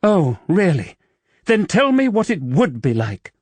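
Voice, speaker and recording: A woman's voice: lowish voice, big pitch swings, unhurried, a little mellow, breathy edge, dry recording, voice pushed up, exaggerated voice. A man voicing a proud, wary young widow who works as a paid companion, speaking tensely and defensively in an audiobook.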